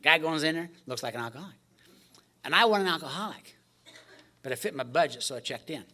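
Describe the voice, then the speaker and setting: A man's voice: on the high side, fast. A man speaking at a recovery meeting, telling his story with jokes and acted-out dialogue. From United States. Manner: animated, joking storyteller acting out dialogue.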